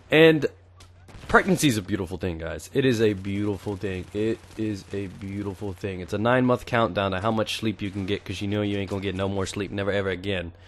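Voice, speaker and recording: A man's voice: on the low side, a bit bright. A young man in his twenties talking casually over gameplay, chatty and crude, swearing freely. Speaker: gaming YouTuber.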